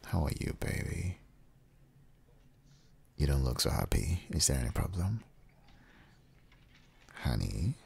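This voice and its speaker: A man in a whispered role-play as a husband, talking in a soft, comforting and reassuring way. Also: a bass voice, normal speed, creaky, long pauses, breathy edge.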